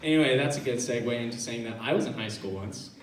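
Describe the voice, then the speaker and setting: At a college comedy club, a young comic tells a story on stage and voices the other characters, speaking quickly in a mid-range voice. The audience laughs throughout a noisy, roomy recording made from a distance.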